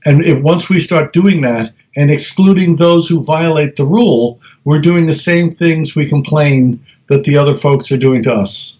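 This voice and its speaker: A middle-aged man tells stories in an interview, and he sits a little high in pitch. He restarts his sentences often and speeds up as he goes. The recording is slightly dull and lo-fi. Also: normal speed, hardly any pauses. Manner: animated storyteller, many restarts, acts out quoted voices. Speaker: guest researcher. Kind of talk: conversational interview.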